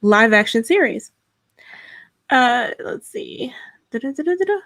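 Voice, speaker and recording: A woman's voice: fairly high pitch, lively intonation, unhurried, vocal fry, fairly bright tone. A woman co-hosting a podcast, reading a news article aloud and adding her own asides. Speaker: podcast co-host.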